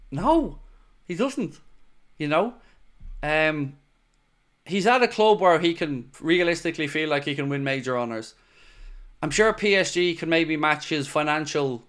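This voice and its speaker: A young Irish man hosting a live football fan stream, chatting casually and reading comments with animated, playfully defiant energy. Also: on the high side. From Ireland. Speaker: fan channel host reading live chat.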